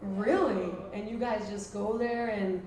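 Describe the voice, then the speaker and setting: A woman's voice: medium pitch, steady tone, measured pace. A young woman performing crude, self-mocking stand-up comedy and chatting with the crowd at a live venue. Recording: roomy live recording from a distance, crowd laughter.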